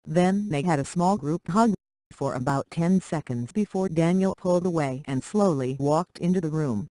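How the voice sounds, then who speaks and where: A reader narrating a short romance story aloud in a plain, steady way. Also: medium pitch, normal speed, no echo, rough recording.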